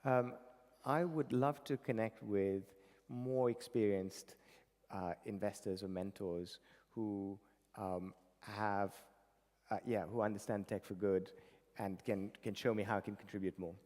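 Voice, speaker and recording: A man's voice: lowish voice, fairly even intonation, a little slow, a little mellow. A middle-aged man from India, a Bengali speaker, answering earnestly and unhurriedly as a conference guest. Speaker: guest, tech founder and investor. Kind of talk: on-stage conference interview. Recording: reverberant conference hall.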